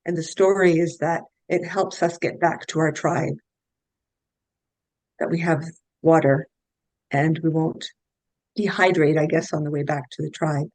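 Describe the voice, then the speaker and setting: A woman's voice: low voice, fairly even intonation, measured pace, pauses often, darkish tone, no room sound, poor audio. A middle-aged woman, a guest health practitioner, telling case stories in an earnest, anecdotal way and restarting her sentences often. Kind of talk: conversational interview storytelling.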